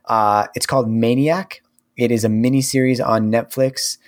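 A man co-hosting a podcast in casual chat, rambling and full of fillers. His voice sits at an ordinary pitch, close on a studio microphone. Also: steady tone, normal speed. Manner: rambling, filler-heavy recommending. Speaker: podcast co-host.

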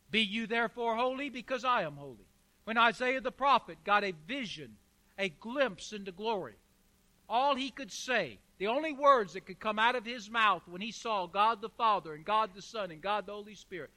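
A man's voice: sits high, bright, forceful tone. A man preaching a sermon as pastor, emphatic, with rhetorical questions and repeated phrases.

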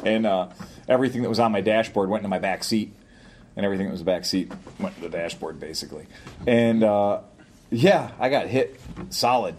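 A man's voice: lowish voice, a little mellow, a little hiss or hum. An older man in casual podcast chat, telling a long story in a rambling way and chuckling often. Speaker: podcast co-host.

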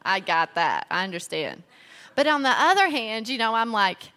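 A woman's voice: normal speed, in a large hall. A woman in her thirties giving a chatty talk about marriage, laughing as she tells stories and acting out quotes in a raised voice. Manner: chatty, animated, laughs while telling stories; acts out quotes in a higher, louder voice. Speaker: speaker sharing marriage advice. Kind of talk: personal talk to an audience.

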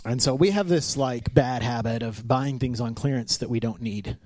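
A man's voice: mid-range voice, moderate pace, no echo. A man in his thirties preaching a casual, conversational sermon, telling stories and acting out the quotes. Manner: storytelling, animated, acts out quotes. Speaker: pastor.

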